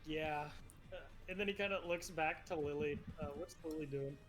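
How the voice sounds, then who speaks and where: A man's voice: on the high side, moderate pace, fairly bright tone, faint music behind. A man playing a tabletop role-playing game in an easygoing, mild way. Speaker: player.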